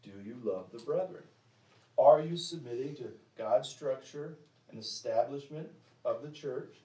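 A man preaching a sermon in a church, pressing the congregation with direct questions, with sharp emphatic rises and drops. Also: mid-range voice, a little slow, lo-fi sound. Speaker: pastor. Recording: echoey room, mic at a distance.

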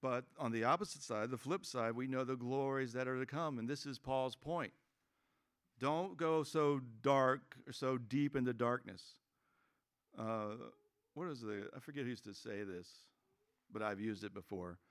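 A man's voice: medium pitch, normal speed. A man preaching a sermon as pastor, conversational and joking, acting out quoted voices.

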